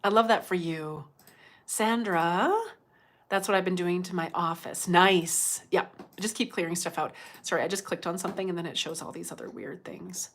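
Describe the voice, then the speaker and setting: A woman's voice: lowish voice, normal speed, a bit bright, slight background noise. A middle-aged woman chatting casually on a livestream, laughing often and reading out viewer comments. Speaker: livestream host.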